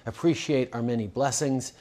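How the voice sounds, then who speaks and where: A man delivering a measured, earnest formal holiday address as a politician. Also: mid-range voice, darkish tone.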